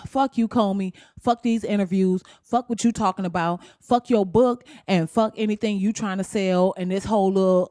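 A woman's voice: mid-range voice, mellow, dry recording, studio quality. Blunt, profane woman ranting on a podcast. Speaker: podcast host. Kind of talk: solo podcast rant.

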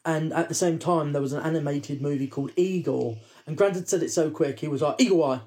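Animated, profane man telling stories. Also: a little high, brisk. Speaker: podcast co-host. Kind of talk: casual chat.

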